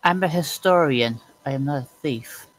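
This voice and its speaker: A man playing a tabletop role-playing game, speaking in a calm, earnest way. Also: fairly high pitch, normal speed, dry recording, rough recording. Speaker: player.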